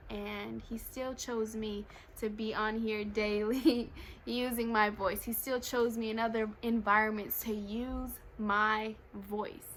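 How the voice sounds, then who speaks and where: A woman's voice: a little high, slight background noise, rough recording. A woman giving a casual devotional talk to her viewers, speaking with passion and earnestness and often laughing between phrases. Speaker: faith vlogger.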